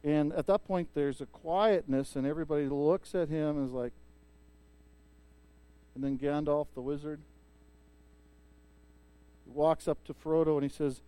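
A male pastor preaching a sermon and retelling a story in a lively way, with frequent restarts. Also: on the high side, unhurried, pauses often, clean tone, dry recording.

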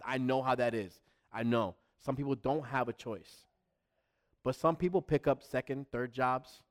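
Emphatic middle-aged preacher man. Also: medium pitch. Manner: emphatic, repeats words, swings from loud to hushed. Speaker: pastor. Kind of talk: sermon.

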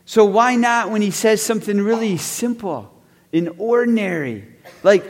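Male pastor, high voice, casual storyteller, reverberant hall. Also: normal speed. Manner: conversational storytelling, acts out characters. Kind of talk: sermon.

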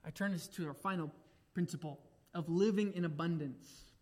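A young man preaching a sermon, emphatic, moving between raised exclamations and quiet reflective asides. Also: a little high, moderate pace.

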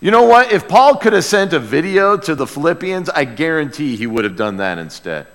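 A man's voice: a little high, sing-song, brisk, a bit bright. A man preaching a sermon to his congregation, conversational and humorous, often repeating words as he restarts. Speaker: pastor. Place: church sanctuary. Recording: long church hall reverb.

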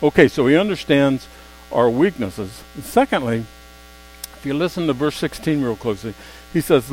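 A man preaching a sermon in a mid-pitched voice. He drops to quiet, drawn-out asides, then climbs to loud, emphatic exclamations. A faint electrical hum sits under the recording. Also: expressive, rough recording.

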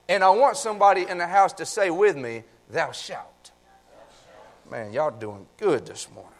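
Male pastor, high and unhurried, folksy pulpit sermon in a church. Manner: folksy, talks to the congregation with "y'all". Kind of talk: sermon with scripture reading and prayer. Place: church sanctuary.

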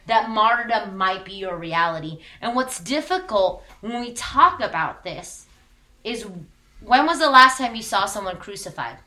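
A woman's voice: medium pitch, lively intonation, normal speed, pushed and bright, roomy sound. A woman pastor in her thirties giving a candid, conversational sermon with emphatic repetition.

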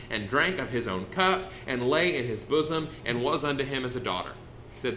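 A man's voice: medium pitch, animated, moderate pace, pushed and bright, slight background noise. A man preaching a sermon in a conversational, folksy way, often breaking off and restarting his sentences. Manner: conversational, folksy, with self-interruptions.

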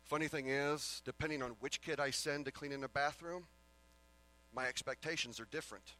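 A middle-aged man preaching a sermon as a pastor, swinging from loud emphatic declarations to quiet earnest asides. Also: a little high, fairly even intonation, a little fast, rough recording.

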